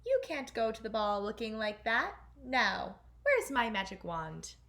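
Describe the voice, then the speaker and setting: A woman voicing a kindly fairy godmother in a storybook reading, soft and coaxing. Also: on the high side, big pitch swings, a little slow, gravelly, heavily acted. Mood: gentle.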